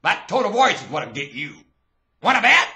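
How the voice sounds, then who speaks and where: A man delivering a rambling, preachy monologue rant into a webcam, swinging from low muttering to loud shouting. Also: very animated, normal speed. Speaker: webcam vlogger.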